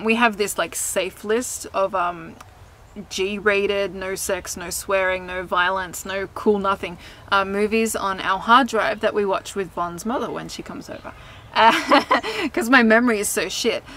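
Bright, candid woman vlogging. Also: mid-range voice, slight background noise, poor audio. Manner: chatty, candid, laughs often, swears casually. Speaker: vlogger and singer. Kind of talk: casual chat to camera. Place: outdoors in sunshine.

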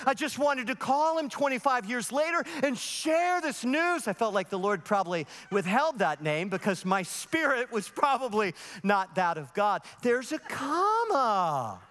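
Man preaching, lively high voice, animated storyteller, long hall reverb. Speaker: pastor. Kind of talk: sermon. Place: large church sanctuary.

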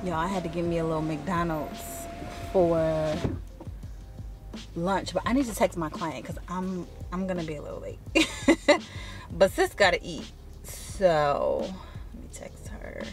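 A woman vlogging casually from her parked car, talking to a camera propped on the dashboard in an animated, anxious way. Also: unhurried, faint music behind. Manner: chatty and animated, rising high when annoyed. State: anxious, shaky nerves. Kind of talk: casual vlog chat.

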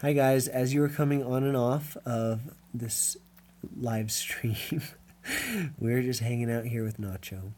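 A woman's voice: very deep voice, expressive, takes it slowly, a little mellow, slight background noise. A woman hosting a casual live stream, chatting to her viewers and talking to her small dog by turns.

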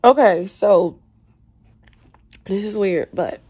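A woman's voice: mid-range voice, slow pace, husky, dry recording, clean studio sound. A young woman chatting expressively in a casual video diary while in a car, speaking into a phone camera. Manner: chatty and expressive, swings from quiet to loud and joyful. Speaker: vlogger.

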